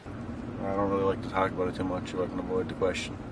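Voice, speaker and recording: A man with a Newfoundland accent playing a shady, evasive rapper who gives quick, mumbled interview answers. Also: low voice, monotone, lightly acted. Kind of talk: mockumentary interview. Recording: distant mic with street noise.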